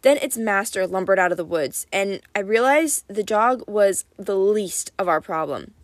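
A woman reading a first-person audiobook with wry, lively storytelling. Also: medium pitch, moderate pace, no echo, clean studio sound. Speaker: audiobook narrator.

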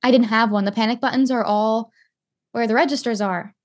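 Fast-talking young woman telling a story. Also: on the high side. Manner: animated, swearing, acts out quotes. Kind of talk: casual chat.

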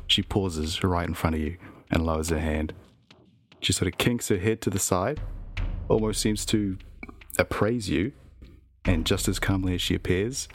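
A man narrating a tabletop role-playing game as game master, slow and measured with filler words. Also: low voice, a bit bright, slight background noise.

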